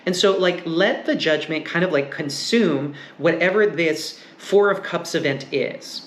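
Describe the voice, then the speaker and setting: A man with a slightly higher voice talks through a tarot spread in a loose, wandering way, full of fillers and half-finished thoughts. The sound bounces around an echoey room with a faint hiss underneath. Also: unhurried. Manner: musing, meandering, frequent fillers. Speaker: tarot reader. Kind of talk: casual tarot reading and discussion.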